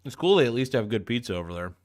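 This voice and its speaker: A man's voice: mid-range voice, very animated, racing, a little mellow. A man hosting a casual reaction video, talking in a laid-back, slangy way with plenty of swearing while he snacks on crackers.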